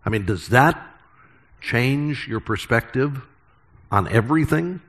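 A middle-aged man preaching a sermon as pastor, earnest and emphatic with deliberate pauses. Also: mid-range voice, lively intonation, fairly bright tone.

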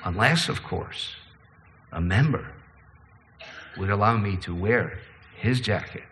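A man preaching a sermon, shifting between slow, low passages and quicker, higher ones. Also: expressive, fairly bright tone, long reverb tail, a little hiss or hum. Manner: preaching with sweeping pitch and pace changes. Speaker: pastor.

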